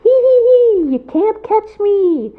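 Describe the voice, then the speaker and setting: A gleeful, cheeky little beignet boy with a squeaky, sing-song voice, as a woman storyteller puts him on. He teases and taunts from a tinny, phone-like recording. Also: very animated, slow, heavily acted. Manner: high, giddy, teasing sing-song.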